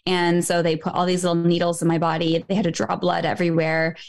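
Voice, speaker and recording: A woman in her thirties speaks as a podcast guest. Her voice sits a little low, and she tells her story in a chatty, animated flow. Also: fast. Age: 30s. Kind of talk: casual interview conversation.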